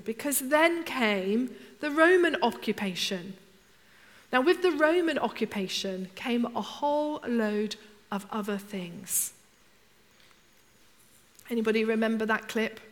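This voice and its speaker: A woman's voice: fairly high pitch, fairly bright tone. A woman preaching a conversational sermon, often asking her congregation rhetorical questions. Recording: long hall reverb.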